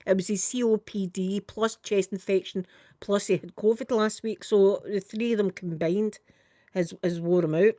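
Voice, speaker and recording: A woman's voice: mid-range voice, fairly even intonation, normal speed, mellow, dry recording. A middle-aged woman with a Scottish accent telling a long story to her live stream in a chatty, tumbling way, full of local idiom. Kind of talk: casual storytelling chat.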